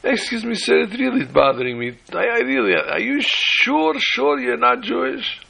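A pestering little old Yiddish mother, played by a man in a told joke. Her voice sits high above his own, slow and drawn out as she pleads. It has a gravelly, husky edge. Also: very animated, sharp tone, full character voice, poor audio. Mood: nagging.

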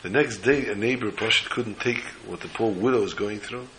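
A man with a lowish voice delivers a religious story as a sermon at a fairly quick pace, over background noise. He is an animated storyteller, voicing the characters with real feeling.

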